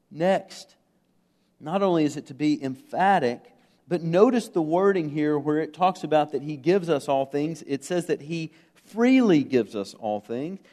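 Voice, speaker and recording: A man's voice: fairly high pitch, dark tone. A man from the United States preaching a sermon, earnest and emphatic, putting questions to the congregation, with fillers and restarts. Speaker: pastor.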